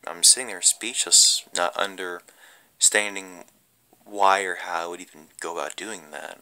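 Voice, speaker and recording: A man's voice: deep voice, steady tone, a little slow, sharp tone, smooth, low-quality recording. A man casually narrating a creepy gaming story, rambling and cursing with lots of fillers. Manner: rambling, profane, full of fillers.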